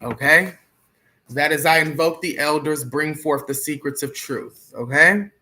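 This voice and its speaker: A spiritual teacher on a livestream, chanting syllables slowly and deliberately and laughing at themselves between chants. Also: mid-range voice, sharp tone.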